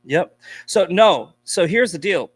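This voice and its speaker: A man's voice: high-pitched, animated, takes it slowly, husky, no echo. A man from Boston, a podcast guest, telling stories in blunt, profane casual chat. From Boston, USA.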